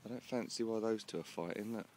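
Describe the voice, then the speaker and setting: A man's voice: on the low side, fast, a little mellow. A man chatting casually outdoors in a horse field, joking and swearing lightly as he coos at his horse. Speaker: horse owner filming. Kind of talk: casual chat while filming. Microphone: handheld camera.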